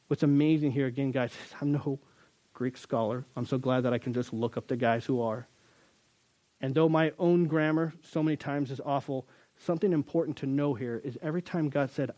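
A man's voice: mid-range voice, moderate pace, warm tone, no room sound. A male pastor preaching a sermon in a conversational, emphatic way, often speaking to his listeners as guys.

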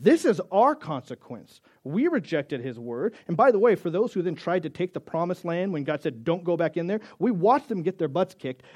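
A man preaching a sermon, acting out quotes of God and Moses and moving between loud and soft, with casual asides between scripture readings. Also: a little high. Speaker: pastor.

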